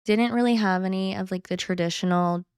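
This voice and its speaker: A woman's voice: mid-range voice, fairly quick, clean tone, dry recording, studio quality. A young woman, a podcast guest, telling her own story candidly and acting out what people said, often laughing. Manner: animated, acts out quotes with laughter.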